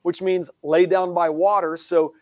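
A man giving an emphatic presentation in a discussion, animated, with frequent restarts and mocking asides. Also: sits high, unhurried, dry recording, clean studio sound. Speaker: guest speaker. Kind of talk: presentation in a live-streamed discussion.

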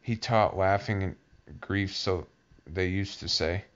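A man's voice: sits low, slow. A man doing a mournful sighing mock turtle. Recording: dull lo-fi recording.

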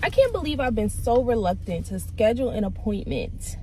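A woman's voice: on the high side, very animated, normal speed, darkish tone, slight background noise, rough recording. A young woman, venting exasperated rants to her vlog camera from her car. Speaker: vlogger.

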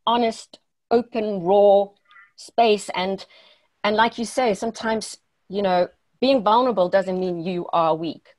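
A woman with a South African accent hosting a webinar over a video call, chatting casually and responding warmly to guests. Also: medium pitch, measured pace. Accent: South African English. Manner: effusive and affirming. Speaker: webinar host. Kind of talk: casual online chat.

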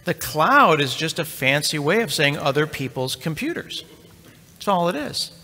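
Bright-voiced joking conference speaker in a hall. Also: male voice, a little high, big pitch swings, normal speed. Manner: joking and chatty, talks to the crowd. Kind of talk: live tech talk, anecdotal storytelling. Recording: long reverb of a large hall.

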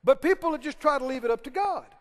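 High, lively-voiced preacher in a hall. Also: male voice, fairly quick. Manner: emphatic, questioning the congregation. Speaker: pastor. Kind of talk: sermon.

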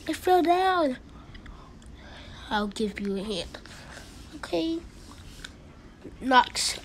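A woman voices every cat in a homemade cartoon, her high voice leaping all over the place. She lets out frequent shrieks and goofy sound effects, and between them she drags her lines out very slowly. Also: animated. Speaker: amateur animator voicing all characters. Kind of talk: playful homemade cartoon voicing.

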